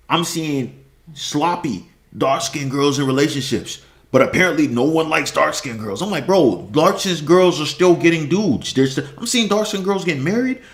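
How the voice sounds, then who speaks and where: A man's voice: fairly high pitch, a bit bright, roomy sound. A man ranting in casual slang on a stream, repeating himself and laughing often. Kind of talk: casual rant.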